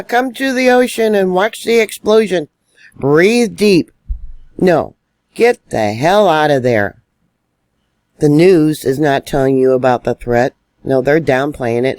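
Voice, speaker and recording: A man's voice: fairly high pitch, darkish tone, clean tone, no echo. A man giving solo online news commentary, indignant and emphatic as he stresses warnings.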